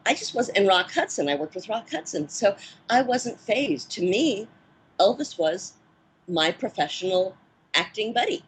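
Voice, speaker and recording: A woman in her fifties, a former child actress turned film producer, recalling her career in a measured, reflective way with soft fillers. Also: mid-range voice, very animated, husky, poor audio. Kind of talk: interview reminiscence.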